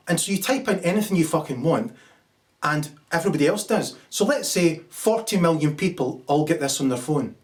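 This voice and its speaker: A man's voice: fairly high pitch, far from the mic. A man delivering an angry, profane political rant, full of sarcastic asides and acted-out little scenes. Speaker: political commentator. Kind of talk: ranting monologue.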